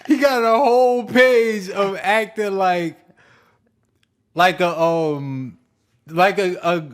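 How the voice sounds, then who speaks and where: A man with a noticeably high voice tells a story in a loose podcast chat. He keeps laughing through his lines and talks in an animated way. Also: takes it slowly, slight background noise. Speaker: podcast guest. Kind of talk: casual chat.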